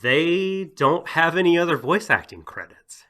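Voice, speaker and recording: Bright-voiced man in rambling podcast chat. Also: a little high, big pitch swings, unhurried. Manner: rambling, full of "like" and "you know", laughs often. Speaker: podcast co-host. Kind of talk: casual podcast discussion.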